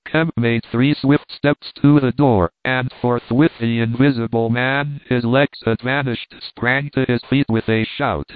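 Male audiobook narrator, mid-pitched, measured storytelling; dry, tinny recording. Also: steady tone, clean tone, no room sound. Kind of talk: scripted narration of a classic novel.

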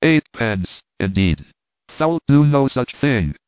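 A man's voice: mid-range voice, big pitch swings, takes it slowly, no room sound. A man voicing a frightened pleading peasant woman. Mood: indignant. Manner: pleading, breathless exclamations. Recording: tinny phone-like line, dry.

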